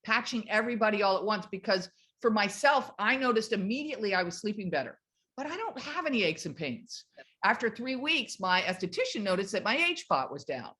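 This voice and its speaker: A woman in her fifties telling a motivational story to her team on a video call, animated and enthusiastic. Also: medium pitch, brisk. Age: 50s. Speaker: network marketing team leader.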